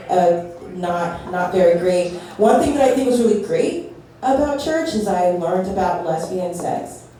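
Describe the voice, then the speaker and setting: Young female stand-up comic, halting and self-deprecating, distant mic in a roomy club. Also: lowish voice, background noise. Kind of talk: stand-up comedy set. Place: comedy club stage. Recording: echoey club from far off, crowd. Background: audience laughter.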